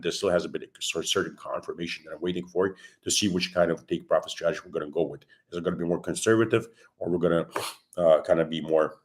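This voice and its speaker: A man hosting a crypto livestream with a sore throat, often clearing it, explaining his views calmly and greeting viewers by name. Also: deep voice. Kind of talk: casual livestream chat.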